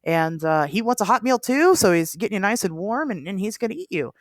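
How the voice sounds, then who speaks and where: A woman voicing a male Wendigo spirit in a retold folktale, delivering a hurried, conspiratorial warning in a casual way. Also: mid-range voice, big pitch swings, no room sound, studio quality, natural voice. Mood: urgent.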